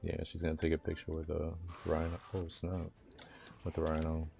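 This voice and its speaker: Deep, gravelly young man teasing his chat. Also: monotone, fast talker, mellow, slight background noise. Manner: teasing, laid-back banter with chat, laughs often. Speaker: livestreamer. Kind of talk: casual livestream chat.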